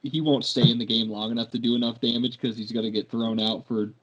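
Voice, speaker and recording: A man's voice: medium pitch, level tone, fast, fairly bright tone, dull audio. A young man co-hosting a casual sports podcast, ranting in exasperation and swearing constantly. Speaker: podcast co-host.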